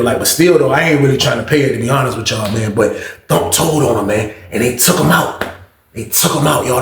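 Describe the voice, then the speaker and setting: Brief: young man, gravelly and fairly high, rambling profane storytime, roomy echo. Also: a little hiss or hum. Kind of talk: casual storytime. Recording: echoey room.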